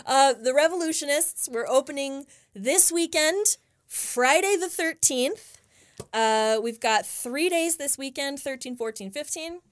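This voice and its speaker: A woman's voice: sits high, lively intonation, unhurried, no room sound. Giggly young-sounding woman, dry close sound. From Northern Nevada, United States. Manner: giggly, hesitant when put on the spot. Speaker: podcast guest, stage actor. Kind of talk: casual interview chat.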